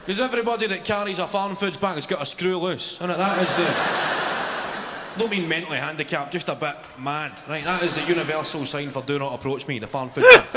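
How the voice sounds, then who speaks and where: A young Scottish man doing a stand-up routine, telling dry stories and chuckling at his own lines, with a live audience laughing loudly. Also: on the high side, very noisy. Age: young adult. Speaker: stand-up comedian. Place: comedy stage before a live audience. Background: roaring crowd laughter.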